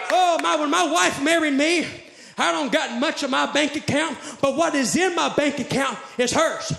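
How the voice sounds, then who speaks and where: Guy shouting a sermon real high and gravelly, big echoey church, crowd behind him. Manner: fervent, shouting, repeats phrases in rhythmic refrains. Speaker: preacher. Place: church sanctuary with congregation.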